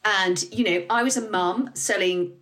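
A middle-aged woman, a business founder guesting on an interview, talking candidly and lively and swearing freely. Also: mid-range voice, measured pace. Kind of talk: casual interview talk.

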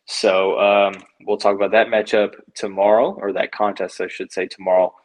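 A man's voice: fairly low pitch, flat delivery, normal speed, rough recording. A man hosting a sports podcast, breaking down a basketball game casually with many fillers and self-corrections.

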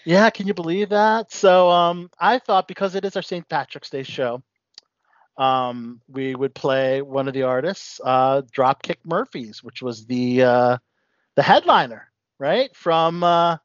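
A man's voice: a little high, measured pace, no room sound, muffled recording. A man hosting a casual radio talk show, rambling with lots of fillers.

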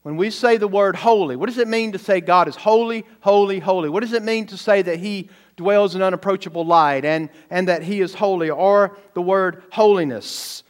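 A man's voice: sits high, moderate pace, few pauses. A man preaching a sermon, emphatic, asking the congregation rhetorical questions and stressing words by repeating them. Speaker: pastor.

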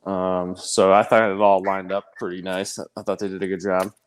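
A man's voice: low-pitched, little pitch movement, normal speed, smooth. A man co-hosting a casual podcast, laid-back and full of "like" and "kinda". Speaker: podcast co-host.

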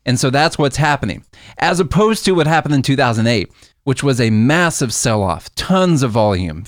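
A man's voice: medium pitch, no echo, studio quality. A man co-hosting a casual podcast chat, patiently explaining how the stock market works with everyday comparisons.

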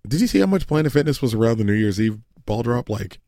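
A man's voice: mid-range voice, big pitch swings, fast, mellow, no room sound, clean studio sound. Rambling, profane podcast co-host, a man. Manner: rambling, profane, laughs often. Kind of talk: crude comedic banter.

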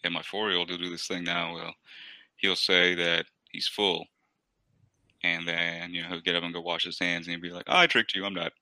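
Deep-voiced man with a resonant radio voice. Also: level tone, a little fast, sharp tone, no echo, rough recording. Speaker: podcast guest. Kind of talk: casual chat.

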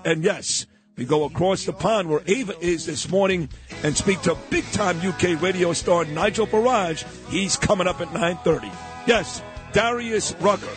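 A man's voice: high voice, normal speed, faint music behind. A middle-aged man hosting a morning radio talk show, opinionated and emphatic, often repeating himself for effect. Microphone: studio broadcast mic.

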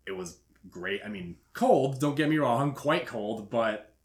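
A man's voice: medium pitch, big pitch swings, a little slow, gravelly. A man hosting a podcast, telling a story in casual chat and laughing often. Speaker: podcast host. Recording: echoey room.

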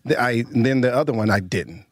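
A middle-aged man co-hosting a podcast in casual chat, playful and quick with asides. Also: mid-range voice, no room sound, studio quality. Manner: playful, jumps into others' lines with quick asides. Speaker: podcast co-host.

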